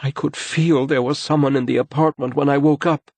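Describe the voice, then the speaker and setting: A man's voice: medium pitch, fairly even intonation, brisk, creaky, dry recording, pitched above the performer's own voice. A man voicing a tense, frightened wife and mother in an audiobook, talking sharply and anxiously. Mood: subdued. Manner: sharp and anxious, rising into anger.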